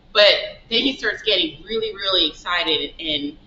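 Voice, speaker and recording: A woman who owns a shop, telling stories in a casual interview and acting out the dialogue in lively quoted asides. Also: medium pitch, slow, a little hiss or hum. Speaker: shop owner guest. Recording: roomy, dull lo-fi sound.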